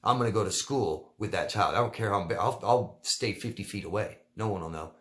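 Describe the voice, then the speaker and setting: A man's voice: on the low side, fairly quick, fairly bright tone. A man coaching viewers in a casual Q&A monologue, blunt and emphatic, often repeating his key words for force. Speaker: relationship coach answering viewer questions.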